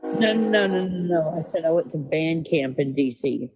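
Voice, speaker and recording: An older guest in a casual livestream chat, talking in short, halting bursts. Music plays clearly behind the voice. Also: mid-range voice, animated, poor audio.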